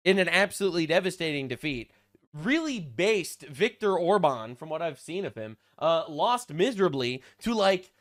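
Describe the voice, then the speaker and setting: High-voiced young man, crude and mocking. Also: sing-song, moderate pace, fairly bright tone. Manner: crude, mocking, rambling with many fillers. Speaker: commentary channel host. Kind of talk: casual online commentary.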